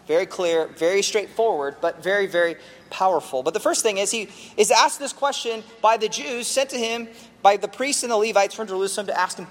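A man's voice: sits high, fairly quick, in a large hall. A man preaching an expository sermon as pastor, earnestly teaching through a passage and leaning hard on key words.

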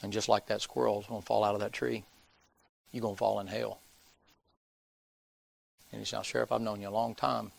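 Folksy preacher with a gravelly voice. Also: male voice, fairly low pitch, little pitch movement, brisk, pauses often, dry recording. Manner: folksy storyteller, acts out characters' voices. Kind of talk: sermon storytelling.

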